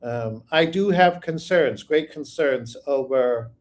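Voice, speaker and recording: A man's voice: mid-range voice, slow. A man hosting a psychic channel, reading out viewer questions and answering them in a rambling, think-aloud way. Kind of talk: live viewer Q&A.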